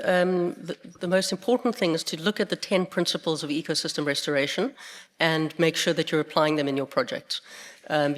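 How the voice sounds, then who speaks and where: A speaker answering an audience question at a conference, measured and pausing with fillers. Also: male voice, a little high, a bit bright. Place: lecture hall. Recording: long hall reverb.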